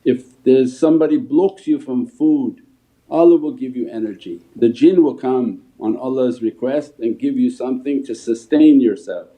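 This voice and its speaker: A man's voice: medium pitch, moderate pace, mellow. A Sufi shaykh giving a spiritual talk and answering questions, telling stories as he teaches. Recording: phone-like livestream audio.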